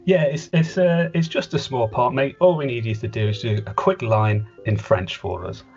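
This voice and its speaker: A man's voice: mid-range voice, normal speed. A man plays a fumbling voice director in a comedy podcast sketch, rambling through his points with endless restarts. The audio is dull and lo-fi, with faint music running underneath. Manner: rambling, hesitant, with many restarts. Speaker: podcast host.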